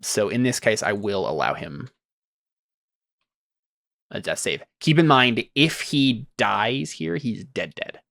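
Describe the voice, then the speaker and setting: A man's voice: fairly low pitch, animated, slow pace, vocal fry, pauses often, fairly bright tone, no echo, clean studio sound. A young man running a tabletop game as game master, thinking aloud and laughing often.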